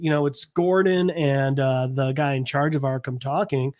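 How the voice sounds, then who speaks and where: A man on a podcast recapping a comic book in casual chat, acting out the characters' lines in quick quotes, with lots of fillers and restarts. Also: a little high, animated, no echo, clean studio sound. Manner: retells scenes by voicing characters in quick quotes; loose, filler-heavy talk with restarts. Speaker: podcast co-host.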